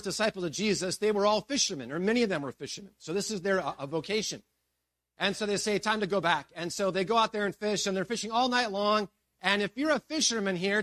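A man's voice: high-pitched, fairly bright tone, no room sound. A man in his forties preaching a sermon as pastor, reading scripture and then retelling it in a casual, storytelling way with asides to the congregation. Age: 40s.

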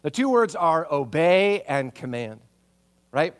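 High, animated male preacher. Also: slow. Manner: conversational, full of rhetorical questions and tag "right?"; animated, acts out reactions. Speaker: pastor. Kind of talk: sermon.

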